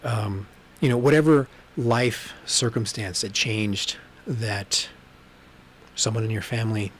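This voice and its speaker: Guy hosting a solo webcam stream, slightly low voice, loose and profane, lots of ums. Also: steady tone, slow pace, slight background noise. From Texas. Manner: rambling, profane storytelling with frequent ums. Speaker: podcast host. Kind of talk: casual solo livestream monologue. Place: room at home with books behind him. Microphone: webcam livestream, on camera.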